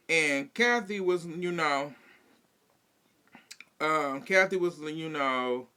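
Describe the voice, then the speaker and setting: A man's voice: fairly high pitch, clear, resonant tone. A man giving a casual, sassy and profane recap of a reality show. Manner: sassy, profane, laughing, animated.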